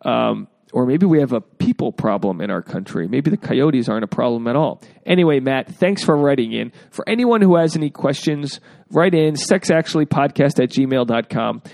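A man's voice: mid-range voice, animated, moderate pace, gravelly, a little mellow, no room sound. A man hosting a casual podcast, joking freely and acting out quotes in exaggerated voices. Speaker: podcast host.

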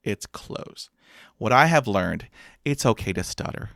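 A man's voice: fairly low pitch, lively intonation, a little slow, gravelly, fairly bright tone, no echo, studio quality. A man who stutters, with blocks and repeated sounds, telling a self-mocking personal story and acting out quotes. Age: adult with a master's degree.

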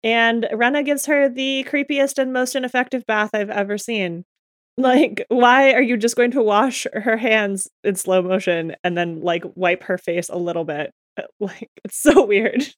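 A woman co-hosting a casual fan podcast, chatty and quick to laugh, with lots of "like". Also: a little high, dry recording, clean studio sound. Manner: chatty, laughs often, frequent "like". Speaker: podcast co-host.

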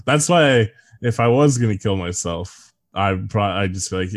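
A man's voice: on the low side, normal speed, no room sound. A man in his thirties co-hosting a casual podcast, joking darkly and laughing often. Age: 30s. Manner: sardonic, dark humor, laughs often. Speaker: podcast co-host.

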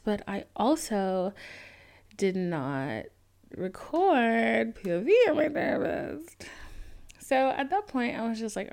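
A woman's voice: mid-range voice, gravelly, darkish tone. A young woman hosting a casual solo podcast, telling a candid, rambling story with lots of fillers and swearing. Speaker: podcast host.

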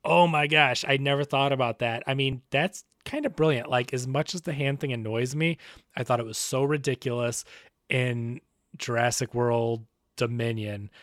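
A man co-hosting a podcast, chatting casually, animated and quick to laugh as he rambles. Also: mid-range voice, dry recording, studio quality. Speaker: podcast co-host. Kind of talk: casual chat.

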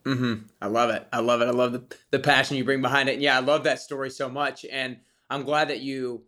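A man's voice: mid-range voice, level tone, brisk, pushed and bright. A man hosting a podcast interview, affirming and enthusiastic. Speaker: podcast host.

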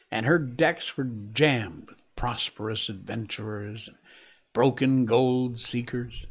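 A man narrating a classic adventure novel in a deliberate storytelling manner. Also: mid-range voice, creaky. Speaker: audiobook narrator.

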